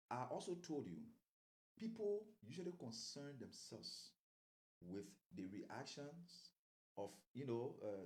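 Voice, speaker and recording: A man's voice: mid-range voice, darkish tone. A man giving political commentary as an interview guest, rambling and repeating words as he grows heated.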